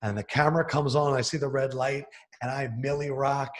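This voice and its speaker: A young man, a sports TV host from the Philadelphia area, telling stories in a casual podcast interview with animated, excited bursts. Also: medium pitch, a little fast.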